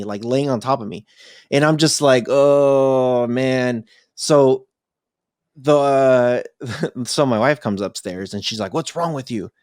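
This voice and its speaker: A man's voice: mid-range voice, dry recording. Young adult man, podcast co-host, casual storyteller who acts out voices; dry, close sound.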